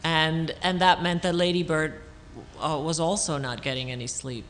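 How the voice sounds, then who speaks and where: A woman author answering audience questions on a panel at a public talk, thoughtful and halting, with many restarts and fillers. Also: sits low, steady tone, fairly bright tone, a little hiss or hum. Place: auditorium stage.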